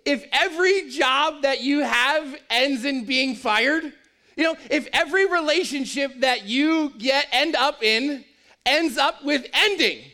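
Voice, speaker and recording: A man's voice: very high-pitched, sharp tone. A man preaching a sermon in a conversational, joking and emphatic way. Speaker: pastor.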